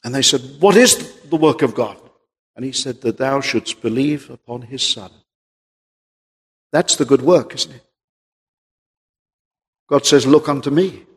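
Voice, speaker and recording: A man preaching a sermon, rising to high emphatic peaks and then dropping low and quiet. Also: a little slow, pauses often, husky. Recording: long reverb of a large hall.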